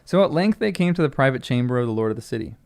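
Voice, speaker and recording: Chatty, gravelly American man reading. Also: medium pitch, expressive, rapid-fire. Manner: chatty, laughs often, muses out loud. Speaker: channel host reading a book. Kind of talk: read-along with casual commentary.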